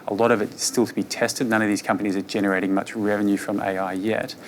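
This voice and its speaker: A fund manager, a man, giving an investor presentation on markets in a relaxed, conversational way with frequent fillers. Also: fairly low pitch, quick pace, slight background noise.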